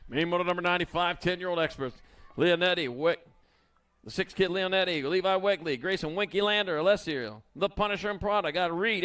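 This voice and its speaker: A man announcing BMX races live at an outdoor track, calling the riders with playful nicknames in a quick, folksy manner. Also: sits high, a bit bright, smooth. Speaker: race announcer. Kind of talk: live race commentary.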